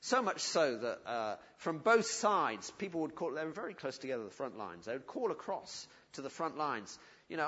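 A man preaching a sermon in earnest, pleading tones, often dropping to a soft, quiet voice. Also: fairly high pitch, sing-song, normal speed, breathy edge. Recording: dull audio with long hall reverb.

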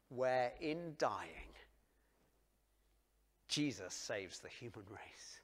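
A man delivering a sermon at an unhurried, deliberate pace. He is earnest and dramatic, sinking to hushed near-whispers and then swelling to loud emphasis, and he puts direct questions to his listeners. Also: mid-range voice, very animated. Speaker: preacher.

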